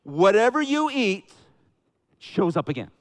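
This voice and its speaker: Southern pastor guy, highish voice, funny animated sermon to the church. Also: a little slow. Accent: Southern American. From American South. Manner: jokey, animated storytelling with bursts of loud excitement. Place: church sanctuary with a congregation.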